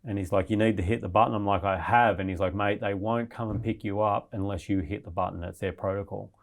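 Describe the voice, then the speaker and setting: A man's voice: fairly low pitch, steady tone, quick pace, creaky. Swearing man telling a story. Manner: swears constantly, restless retelling of his ordeal. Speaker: podcast guest. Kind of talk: casual storytelling.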